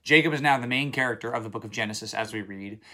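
A man's voice: mid-range voice, quick pace, pushed and bright. A man with a mid-range voice walks listeners through a daily Bible reading in an easy, conversational way. He retells the old stories in everyday words and keeps checking in with his listeners, repeating key points for emphasis. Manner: conversational, retells stories in plain modern speech. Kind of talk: casual daily Bible commentary.

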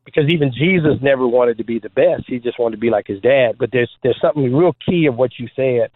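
A man who is a former trick basketball player, guest on an interview show, telling stories in an animated, joking way with many fillers. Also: mid-range voice, quick pace, no room sound. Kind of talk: storytelling interview talk. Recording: phone-like dry line.

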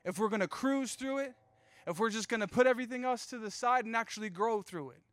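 A young man preaching to a youth group, telling a personal story in a chatty, animated way with asides to the room. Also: very high-pitched, fast talker, dry recording. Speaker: youth pastor. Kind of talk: storytelling sermon.

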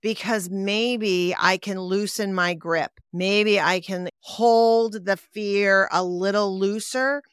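A woman therapist co-hosting a podcast, speaking in a thoughtful, measured way and often affirming with soft murmurs. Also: medium pitch, fairly even intonation, clear, resonant tone, no echo, clean studio sound. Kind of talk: casual reflective conversation.

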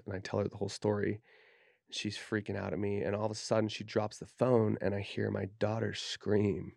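A low, gravelly male voice from Utah, talking as a podcast guest. He is frank and profane, and he acts out the lines he and others said. The sound is close and dry, with no room in it. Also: fairly even intonation, a little fast, a little mellow, no room sound. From Utah, USA. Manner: candid, profane, acts out quoted speech. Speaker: podcast guest, tattoo artist. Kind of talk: casual storytelling interview.

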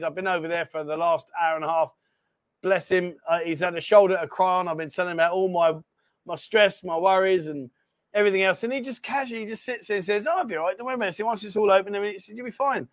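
A man's voice: high voice, steady tone, fairly quick, dry recording. A man hosting a casual livestream from a bar, chatty and apologetic, bantering with his co-host.

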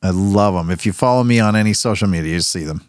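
A man's voice: fairly low pitch, quick pace, dry recording, clean studio sound. A young man who is a podcast host, rambling in casual chat, swearing a lot and restarting his sentences.

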